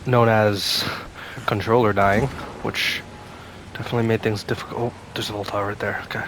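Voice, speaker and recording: A man's voice: on the low side, flat delivery, a little fast, noisy background. A man casually commenting on his own gameplay, rambling and talking to himself, with sudden scared outbursts. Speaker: gaming YouTuber. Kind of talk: casual let's-play commentary.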